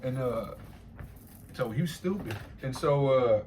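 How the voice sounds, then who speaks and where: Casting: man with a middle pitch, loose profane rambling, restarts and chuckles, faint hiss behind. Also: animated, measured pace, darkish tone. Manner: profane, repetitive, laughing asides. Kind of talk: casual rambling monologue.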